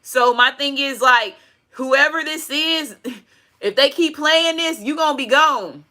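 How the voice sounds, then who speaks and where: Woman, tarot reader, bright voice, fairly high, blunt and profane. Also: slow. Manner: blunt, profane, preachy asides. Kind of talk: casual tarot reading monologue. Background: faint music playing.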